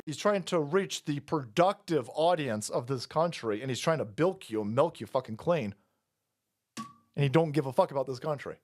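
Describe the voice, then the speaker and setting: A man ranting in fast, profane political commentary to his live chat, combative and laughing at his own asides. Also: fairly high pitch. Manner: talks fast.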